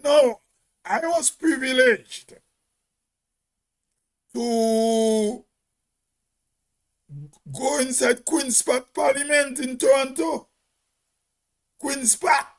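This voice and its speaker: A man's voice: very high voice, very slow, long pauses. A man with a Grenadian accent, hosting a casual monologue and speaking emphatically, repeating words for stress. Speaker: host.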